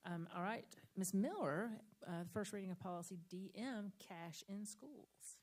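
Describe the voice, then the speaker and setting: A woman's voice: mid-range voice, expressive, measured pace, a little mellow. A woman chairing a school board meeting, moving the agenda along in an orderly way.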